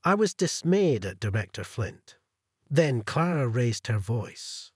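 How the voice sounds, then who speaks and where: A man narrating a scripted first-person story in a steady, even read. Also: mid-range voice, slow, husky, no echo, studio quality.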